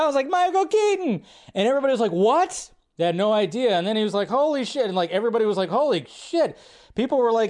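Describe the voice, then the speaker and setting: A male host reacts aloud while he watches, excitable and loose, swearing as he goes. His voice sits a little higher than most men's. It is relaxed, casual live-stream chat. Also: clear, resonant tone. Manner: excitable, swears freely, chatty asides.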